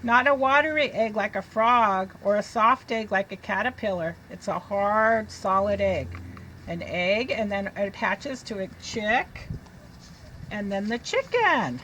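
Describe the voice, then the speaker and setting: A woman teaching young children to read, reading a picture book aloud in a slow, sing-song way and sounding out letters. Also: medium pitch, expressive, a bit bright, a little hiss or hum, poor audio.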